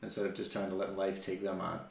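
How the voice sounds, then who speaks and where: Man, gravelly voice, mid pitch, animated storyteller, restarts his sentences, echoey room. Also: fast. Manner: animated storytelling, repeats words when starting a thought. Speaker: podcast co-host. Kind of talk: casual faith-based conversation.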